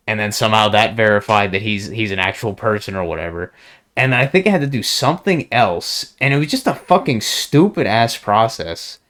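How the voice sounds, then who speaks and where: A man's voice: on the low side, fairly bright tone. A young man with a profane, meandering way of talking, stopping and restarting often in a casual solo monologue. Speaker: solo podcaster. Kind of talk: rambling monologue.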